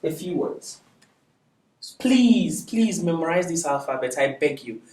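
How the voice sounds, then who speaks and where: A male Arabic teacher gives a patient classroom lecture in an expressive, unhurried voice that sits on the high side with a darkish tone. He often checks that the students are following, asking "is that okay?" The classroom echoes, and his voice sounds far off.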